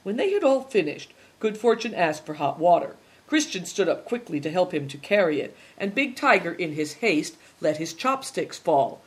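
A narrator reading a story aloud at a steady, even storytelling pace. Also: medium pitch, moderate pace, hardly any pauses, breathy edge. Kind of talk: audiobook narration.

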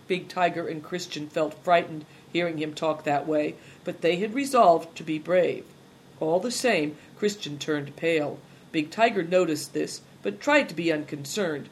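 A narrator reading a story aloud at a steady, even storytelling pace. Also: medium pitch, unhurried, a little hiss or hum. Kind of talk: audiobook narration.

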